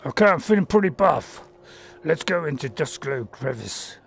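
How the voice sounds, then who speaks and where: A man chats his way through a VR game session, joking with his audience and laughing at himself as he goes. His voice sits fairly high with a gravelly rasp and swings up and down a lot, picked up on a headset mic. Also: expressive, normal speed, a little hiss or hum. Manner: chatty and playful, rambling with fillers and self-mocking laughs. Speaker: game streamer. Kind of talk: casual gameplay commentary.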